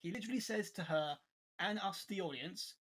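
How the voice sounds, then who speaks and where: A young man, co-hosting a casual review podcast, talking in an animated, exasperated way with frequent restarts and laughs. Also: high voice, a little fast, husky. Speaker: co-host reviewer.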